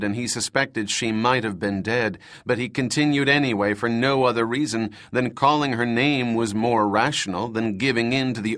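A man narrating a dark thriller audiobook in a measured, dramatic reading style. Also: mid-range voice. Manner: slow, measured, dramatic reading with voiced dialogue.

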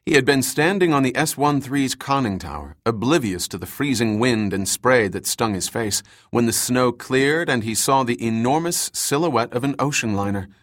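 A man reading an audiobook in measured scripted narration. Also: medium pitch, lively intonation, fairly bright tone, no room sound, clean studio sound.

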